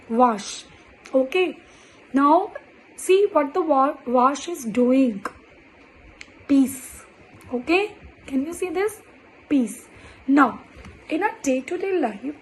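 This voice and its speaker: Slow, high-voiced woman teacher. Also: slight background noise, low-quality recording. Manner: slow and deliberate, repeats words, many "okay" fillers. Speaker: French teacher. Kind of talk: online language lesson.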